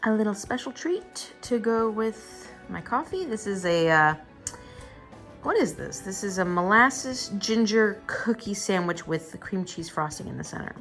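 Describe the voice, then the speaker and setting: A woman's voice: medium pitch, animated, unhurried, fairly bright tone, faint music behind. A young adult woman chatting casually to camera as a book vlogger, tired, laughing often and retelling loosely with restarts. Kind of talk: casual vlog chat to camera.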